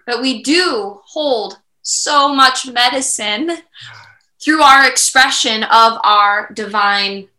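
A woman guest in a conversational interview, reflective and animated, sometimes acting out inner voices. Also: fairly high pitch, echoey room, poor audio. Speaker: podcast guest.

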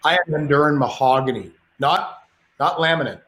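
A slightly high, somewhat bright male voice at normal speed tells casual stories on a podcast where he's a guest. He rambles and keeps restarting his sentences, and the sound is roomy with a faint hiss of noise.

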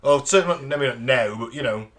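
A man co-hosting a podcast, ranting and swearing in animated casual chat. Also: mid-range voice, quick pace. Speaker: podcast co-host.

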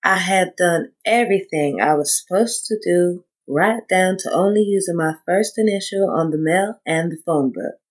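A woman reading her own first-person story aloud in a measured, deliberate way, voicing the dialogue she quotes. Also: fairly low pitch, low-quality recording.

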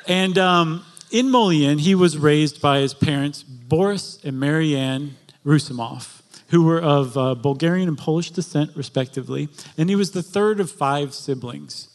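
A man's voice: fairly high pitch, measured pace. Jokey man telling a story live. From Florida. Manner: jokey, chatty, laughs often. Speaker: podcast co-host. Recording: live show before an audience.

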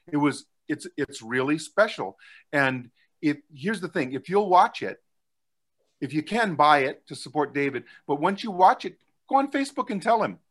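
A man's voice: medium pitch, fairly bright tone. A man hosting a casual chat, talking eagerly and profanely with many fillers. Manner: enthusiastic, profane, rambling with fillers. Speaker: podcast host.

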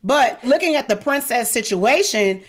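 A woman's voice: a little high, expressive, moderate pace. A middle-aged woman speaking, a guest in an interview, outspoken and emphatic, acting out quoted voices as she talks. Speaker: podcast host, guest. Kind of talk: candid interview talk.

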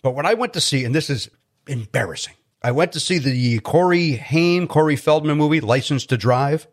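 Rambling, self-deprecating comedian from Chicago. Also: male voice, on the high side, normal speed. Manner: rambling, self-deprecating, repeats words when starting. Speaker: stand-up comedian guest. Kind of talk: casual interview chat.

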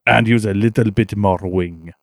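A man's voice: on the low side, steady tone, normal speed, dry recording, clean studio sound, natural voice. A man putting on a hammy, pompous French accent to play a boastful rally driver as a joke. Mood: pompous mock. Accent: put-on French.

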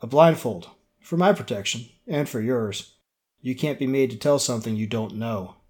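Man reading a cautious, earnest guide, calm, sincere, even tone. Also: mid-range voice, moderate pace, lightly acted.

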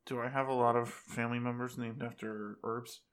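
A woman's voice: a bass voice, little pitch movement, normal speed, heavy background noise. A woman playing a tabletop game, easygoing with dry asides. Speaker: player.

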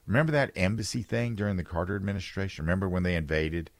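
A man's voice: deep voice, rapid-fire, dry recording, clean studio sound. A man hosting a political talk radio show, giving opinions in a conversational way and reading listener texts aloud.

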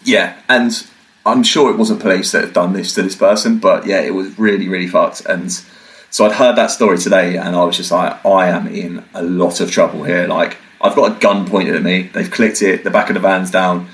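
Man, young, from the UK, podcast guest, lower voice, casual and animated, swears a lot. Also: moderate pace, rough recording. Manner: swearing, animated, acts out quotes. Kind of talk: casual storytelling.

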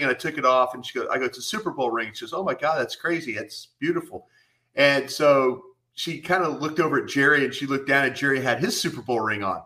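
A man's voice: medium pitch, bright, forceful tone. A middle-aged man, a former football scout and co-host, telling rambling anecdotes full of fillers. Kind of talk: casual storytelling.

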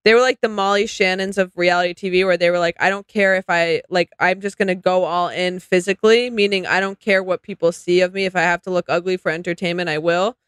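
A woman's voice: lowish voice, fairly even intonation, quick pace, few pauses, fairly bright tone, clear, resonant tone, no room sound. A woman co-hosting a podcast, rambling enthusiastically in casual chat about reality TV. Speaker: podcast co-host.

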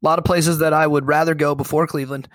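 Young dude on a podcast, wry and chatty, dry sound. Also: male voice, fairly high pitch, level tone, quick pace, a bit bright, no room sound. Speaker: podcast co-host. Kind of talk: casual podcast chat.

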